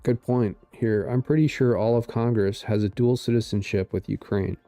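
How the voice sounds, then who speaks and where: A man's voice: on the low side, steady tone, moderate pace, warm tone, faint music behind. A man in his forties reading posts and riffing on them in rambling, sarcastic casual commentary, full of fillers. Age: 40s. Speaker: political commentary streamer.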